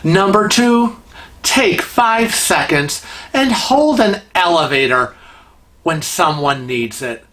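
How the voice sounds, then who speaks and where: A man's voice: high-pitched, expressive, slow pace, pushed and bright. A man hosting a vlog segment on cruise etiquette, calling out bad behavior in an indignant, emphatic way. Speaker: vlog host.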